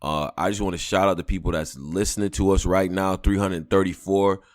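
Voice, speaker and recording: A man with a raspy voice, hosting a casual podcast in a laid-back way. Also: low voice, fairly even intonation, a little fast. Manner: laid-back, loose, many fillers. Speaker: podcast host.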